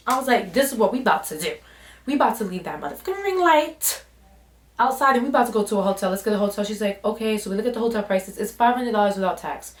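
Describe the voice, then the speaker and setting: Animated young woman telling a storytime. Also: mid-range voice, quick pace, reverberant, slight background noise. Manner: animated, slangy, acts out quotes in voices. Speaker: vlogger. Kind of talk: storytime vlog.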